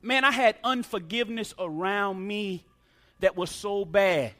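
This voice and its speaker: A man's voice: high-pitched, measured pace, sharp tone, soft background music. A middle-aged man preaching a sermon testimony, emphatic, using call-and-response.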